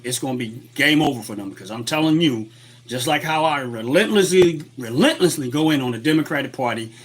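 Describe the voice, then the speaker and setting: A man hosts a political livestream from a webcam setup at his desk, ranting heatedly and repetitively while greeting viewers and reading chat aloud. His voice is mid-range and a bit bright, and he sounds fired-up.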